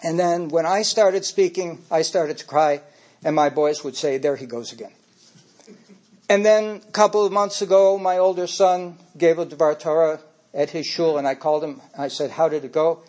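A man's voice: a little high, steady tone, moderate pace, darkish tone. An older man giving a speech, telling personal stories in an anecdotal way and getting emotional as he speaks.

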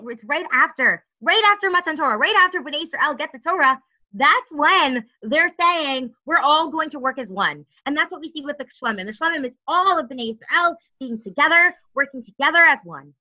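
A woman's voice: high voice, pushed and bright, dull audio. A woman giving a Torah lesson, reading Hebrew verses aloud and explaining them, often restarting and asking rhetorical questions. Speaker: Torah teacher.

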